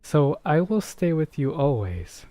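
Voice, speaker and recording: A man's voice: fairly high pitch, sing-song, measured pace, warm tone, no echo, faint music behind, voice pushed up. A man voicing a small, loyal male swallow with a raised, earnest voice. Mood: devoted.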